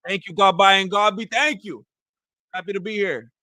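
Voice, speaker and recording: A man's voice: high-pitched, steady tone, moderate pace, sharp tone, no room sound. A man giving casual, joking play-by-play of a live fight, rambling and repeating himself. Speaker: fight commentator. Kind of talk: casual live fight watch-along commentary.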